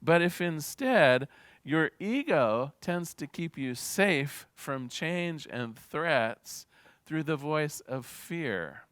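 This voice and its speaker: A minister giving a sermon in an earnest, gentle teaching manner, with small restarts as he talks. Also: on the high side, expressive, very slow, clear, resonant tone, no echo.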